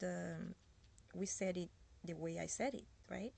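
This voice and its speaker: 低く、しゃがれた声でゆっくり話すフランス訛りの女性. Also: female voice, on the low side, fairly even intonation, gravelly, mellow, breathy edge. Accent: French. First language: French. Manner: slow, repeats and spells out words, code-switching. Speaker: French teacher. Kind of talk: casual French lesson.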